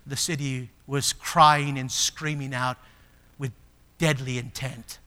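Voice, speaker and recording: A man preaching a sermon as pastor, moving from soft, low passages to loud, emphatic ones. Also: little pitch movement, slow. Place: church sanctuary. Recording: long hall reverb.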